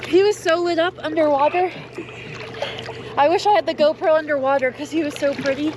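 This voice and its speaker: A woman's voice: high-pitched, fairly quick. Upbeat woman vlogging from a boat. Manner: upbeat, excitable. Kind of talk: casual vlog narration. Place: small boat on the sea, outdoors. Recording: outdoors on a boat, noisy wind and water.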